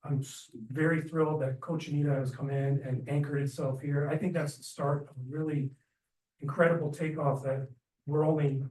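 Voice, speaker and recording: A man's voice: fairly high pitch, little pitch movement, moderate pace, a little mellow, recorded from a distance. A man speaking up as a resident at a community meeting, enthusiastic and rambling, with many fillers and restarts. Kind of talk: public comment at community meeting. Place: city meeting room. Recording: echoey meeting room, speaker off-mic.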